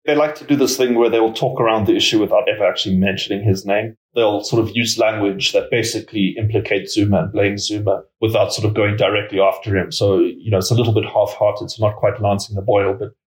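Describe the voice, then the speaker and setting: A man giving measured expert commentary as an interview guest, hedging his points with many filler words. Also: fairly low pitch, steady tone, echoey room, poor audio. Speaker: political risk analyst guest.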